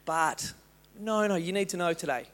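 A man preaching a sermon as pastor, moving between loud rousing passages and slow, quiet meditative reading. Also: sits high. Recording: long hall reverb.

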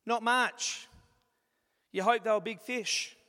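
A man with a notably high voice delivers a sermon, lively and conversational, slipping into little acted-out asides. His words carry a long reverb, as if spoken in a large hall. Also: slow. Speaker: preacher.

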